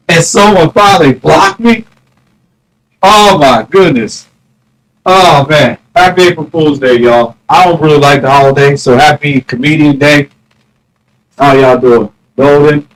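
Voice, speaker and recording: A man's voice: on the high side, rough recording. A man rambling casually to his viewers on a phone live stream, greeting chatters by name and drawing out mock taunts. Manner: mock-challenging, drawn-out taunts. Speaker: livestreamer.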